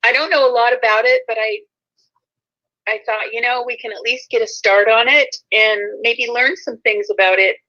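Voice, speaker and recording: A woman's voice: a little high, steady tone, moderate pace, pushed and bright. A woman hosting a casual talk show, rambling a little and correcting herself as she goes. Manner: rambling, self-correcting, laughs often. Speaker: show host. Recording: muffled lo-fi sound.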